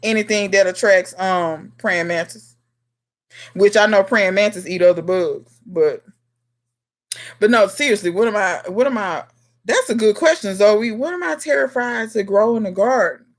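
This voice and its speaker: In a mid-range voice at normal speed, a home gardener chats on a casual live Q&A stream, calling out viewers by name and scolding them in jest.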